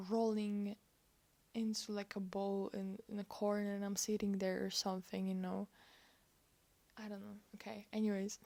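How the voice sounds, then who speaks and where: A young woman talks to her camera at an unhurried pace, her voice of middling pitch. She speaks hesitantly and softly, often dropping into a near whisper. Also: gravelly. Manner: slow, hesitant, soft-spoken, drifting often into whispers. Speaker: vlogger. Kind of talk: personal storytelling to camera.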